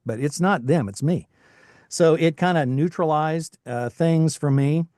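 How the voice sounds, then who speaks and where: A middle-aged voice actor from Tennessee with a faint Southern accent, chatting casually in an interview with lots of restarts. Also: male voice, on the high side, a little slow, a little mellow, no room sound, studio quality. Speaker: voice actor, guest.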